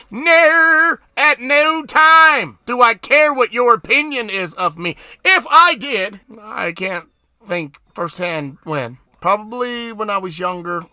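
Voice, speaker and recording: A man talks alone on his own show in a bright, ringing voice that sits a little high for a man. He preaches with emphasis, hammering the same words again and again. The sound is close and dry, with no room echo. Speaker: podcast host. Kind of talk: solo motivational monologue.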